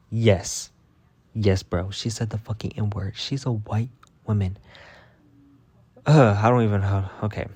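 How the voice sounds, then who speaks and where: A male vlogger vents about work, profane and exasperated, cursing at every turn in a casual but heated way. He has a lowish, darkish voice with a breathy edge.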